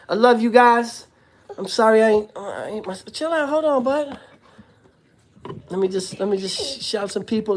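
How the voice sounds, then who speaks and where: A man hosting a casual livestream while sick and coughing, loose and profane, greeting viewers by name and talking to his little son. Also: very high-pitched. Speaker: livestream host, former prisoner. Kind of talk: casual live-stream chat with viewers.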